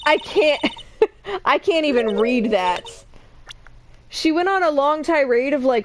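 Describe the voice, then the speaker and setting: A woman's voice: high-pitched, big pitch swings, measured pace, gravelly, long pauses, noisy background. A woman streamer chatting in a self-deprecating way while playing through a story game. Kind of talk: game playthrough commentary.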